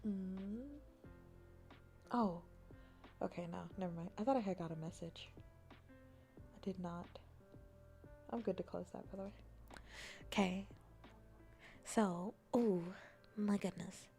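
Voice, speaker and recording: A woman streamer chatting casually with her viewers, playful and often slipping into soft whispers. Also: medium pitch, slow pace, creaky, long pauses, faint music behind. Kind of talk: casual chat.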